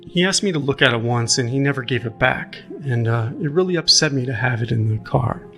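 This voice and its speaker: A man's voice: medium pitch, a bit bright, faint music behind, close to an everyday voice. A man reading a shaken woman witness. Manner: halting, full of uh fillers. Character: young woman witness testifying about abuse. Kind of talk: reading a courtroom transcript aloud.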